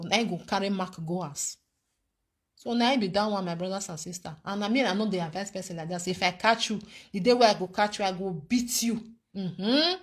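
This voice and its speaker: Nigerian woman vlogging, preachy and animated, keeps going "eh?", mid pitch, young. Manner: animated and preachy, with frequent rhetorical "eh?". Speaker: vlogger giving advice. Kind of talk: casual commentary to viewers.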